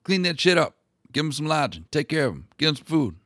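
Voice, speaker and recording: A man's voice: mid-range voice, normal speed, fairly bright tone, dry recording, studio quality, close to an everyday voice. A man voicing a crude, eager male king who barks out profane orders. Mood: bossy.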